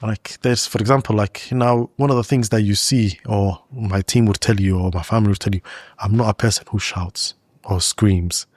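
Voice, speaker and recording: Low-voiced man telling a story, chatty. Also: steady tone, normal speed, a little mellow, no room sound. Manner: loose and chatty, full of "like" and "you know". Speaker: guest. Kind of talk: casual storytelling in a podcast interview.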